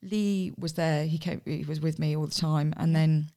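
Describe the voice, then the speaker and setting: A woman's voice: deep voice, moderate pace. Frank woman telling her story. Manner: frank, animated, acts out past dialogue. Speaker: podcast founder and guest. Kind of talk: candid personal storytelling.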